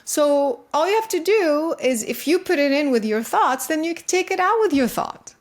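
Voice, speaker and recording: A woman guest in an interview, earnestly explaining her ideas in quick bursts with frequent restarts. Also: sits high, expressive. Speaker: guest, consciousness researcher. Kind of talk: interview conversation.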